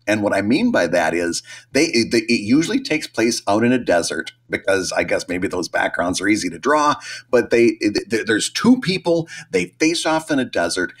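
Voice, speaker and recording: Animated man chatting on a podcast. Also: lowish voice. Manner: chatty, animated, acts out quotes. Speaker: podcast co-host. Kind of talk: casual chat.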